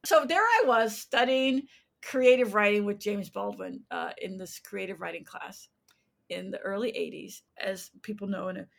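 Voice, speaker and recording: A woman in her sixties from the United States, a playwright telling animated stories in an interview and acting out voices as she goes. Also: medium pitch, moderate pace, gravelly. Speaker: playwright guest. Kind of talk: interview storytelling.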